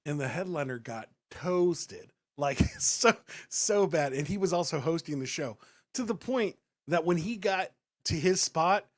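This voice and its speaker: A man's voice: on the high side, expressive, unhurried. A man hosting a casual podcast, rambling loosely through stories with lots of fillers and restarts. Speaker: podcast host and rapper.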